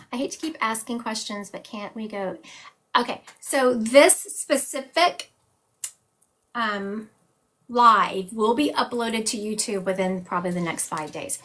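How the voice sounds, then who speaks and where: A psychic medium with a fairly bright voice pitched a little high hosts a live reading stream. She relays visions by saying "he is showing me" and chats with viewers in between readings.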